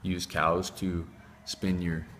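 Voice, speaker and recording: A man's voice: low-pitched, little pitch movement, takes it slowly, a bit bright, a little hiss or hum. A man hosting a casual vlog in a home workshop, rambling and swearing as he jumps between topics. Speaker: channel host. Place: home workshop showing tools. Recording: long reverb.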